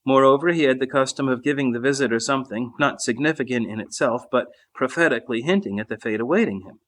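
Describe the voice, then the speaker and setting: Man reading a saint's life aloud. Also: mid-range voice. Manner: measured, even reading with small slips. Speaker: reader. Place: monastery refectory during a meal.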